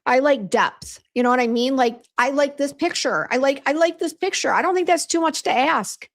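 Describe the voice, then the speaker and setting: At normal speed and in a high voice, a woman hosts a casual beauty livestream for a brand, chatting away, venting, and reading viewer comments aloud.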